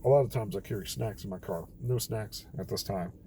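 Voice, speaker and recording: A man's voice: lowish voice, a little fast, warm tone, a little hiss or hum, rough recording. A young man telling a rambling, self-deprecating story late at night, tired and quoting others as he goes. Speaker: vlogger.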